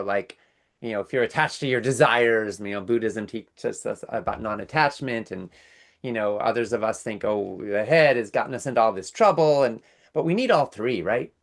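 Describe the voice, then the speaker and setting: A man's voice: lowish voice, moderate pace, gravelly. A man hosting a workshop, reflecting earnestly on a guest's story and listing ideas one after another. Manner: earnest, lists ideas in series. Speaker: workshop host. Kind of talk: reflective commentary.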